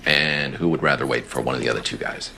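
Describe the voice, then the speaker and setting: A gravelly, sardonic doctor. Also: male voice, rumbling low, fairly even intonation, fast, background noise. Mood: offhand. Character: blunt, sardonic male doctor, indifferent to people. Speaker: doctor in a TV drama.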